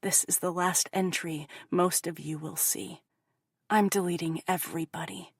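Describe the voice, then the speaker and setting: A woman's voice: fairly low pitch, steady tone, normal speed, breathy edge, dry recording, clean studio sound. A woman narrating an audiobook in the first person, with an intense, profane, confessional delivery.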